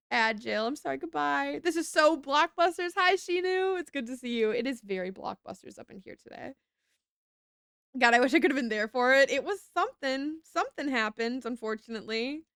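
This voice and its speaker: A woman's voice: fairly high pitch, fairly bright tone, smooth, no echo. A young woman streaming a shop game, chatting casually and giggly, reading chat aloud and slipping into a playful whiny voice. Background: game music.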